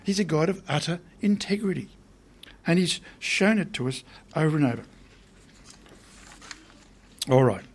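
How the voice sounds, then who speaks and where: A man's voice: on the high side, expressive, a little slow, pauses often. Man preaching a conversational sermon. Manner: conversational, asks the listeners questions.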